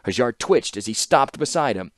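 A man narrating an audiobook-style reading with steady, measured pacing. His voice sits at an ordinary middle pitch for a man. The sound is close and dry, with no room echo.

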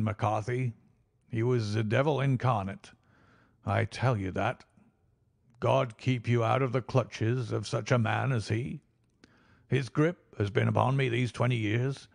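A man's voice: mid-range voice, gravelly, dry recording, clean studio sound. A man voicing a dying old man who earnestly confesses his past, in an audiobook reading.

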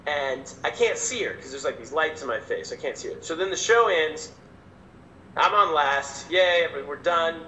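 A male stand-up comedian telling a story as a podcast guest, animated and self-mocking. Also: a little high, moderate pace, slight background noise. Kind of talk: casual storytelling. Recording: echoey room, faint ambience.

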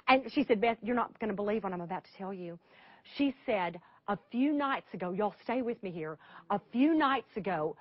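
A woman's voice: on the high side, husky, no room sound, muffled recording. A middle-aged woman, telling an emotional story dramatically to an audience and speaking straight to them.

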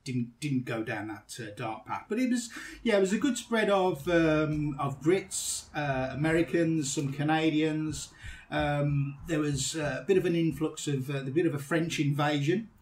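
A man's voice: fairly high pitch, normal speed, recorded from a distance. A British man hosting a podcast, telling a holiday story in casual chat and laughing often. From Britain. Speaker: podcast host.

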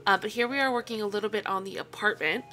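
A woman narrates a voiceover in a chatty, rambling way, full of ums and little asides. Her voice is bright and clear, and she sounds tired. Soft music plays faintly behind her. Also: mid-range voice, fast. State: yawning, tired. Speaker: video creator.

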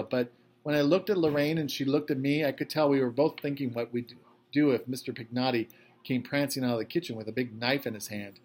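A man, a teacher, reading a novel aloud to his class in a casual, conversational voice. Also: mid-range voice. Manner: casual, conversational first-person narration.

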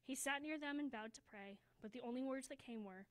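A woman reading a children's story aloud at a church service, slowing down for emphasis and dropping to a hush. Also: high-pitched, low-quality recording. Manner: expressive, slows down for emphasis, drops to a hushed voice.

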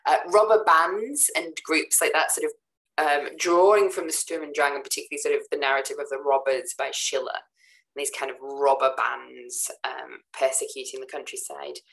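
A woman lecturer giving a recorded talk over slides, relaxed and chatty, with many ums and "sort of" fillers. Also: very deep voice, normal speed, creaky, poor audio. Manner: relaxed, casual asides to students.

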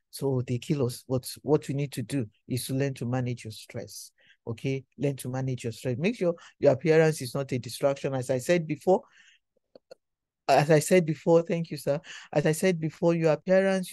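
A man's voice: mid-range voice, mellow, no echo. A man giving an induction lecture to professionals, exhorting them and repeating his key phrases for emphasis.

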